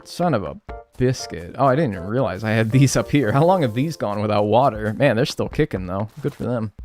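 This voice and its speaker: A man streaming a video game, talking loosely and joking as he plays. His voice swings up and down with lively energy, and faint game music runs underneath. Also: on the low side, fairly quick. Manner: rambling, animated and joking. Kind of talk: casual live-stream gaming chat.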